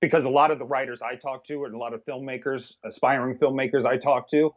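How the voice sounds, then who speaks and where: A man's voice: mid-range voice, steady tone, fast. A man co-hosting a casual film review podcast, blunt and profane, joking between points. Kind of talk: casual chat. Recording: dull audio with faint music.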